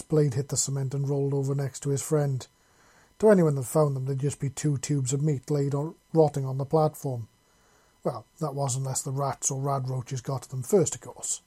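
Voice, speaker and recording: A man reading fan fiction aloud in a casual, expressive way. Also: medium pitch, husky. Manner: casual, expressive, crude words. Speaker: reader.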